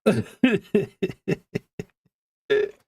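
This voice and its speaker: A man's voice: drawn-out words, darkish tone, no room sound. A man hosting a podcast in casual chat, teasing his guest and laughing often. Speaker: podcast host.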